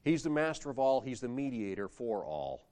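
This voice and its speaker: Animated man preaching. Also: mid-range voice, normal speed, clear, resonant tone. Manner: animated preaching with rising emphasis, reading scripture aloud. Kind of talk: sermon.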